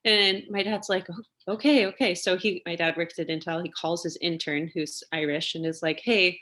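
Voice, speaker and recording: A chatty young woman with a fairly low voice, talking as a guest in a relaxed interview. She tells her stories with lots of fillers and laughs often along the way. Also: moderate pace. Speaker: interview guest, singer and lawyer. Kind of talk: casual storytelling interview.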